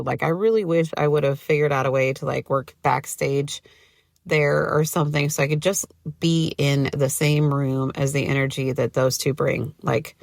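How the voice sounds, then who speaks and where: Woman podcast host, low gravelly voice, chatty and gushy, says like a lot, dry close sound. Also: fairly even intonation, moderate pace, no room sound. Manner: chatty, gushing, lots of "like". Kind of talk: casual solo podcast talk.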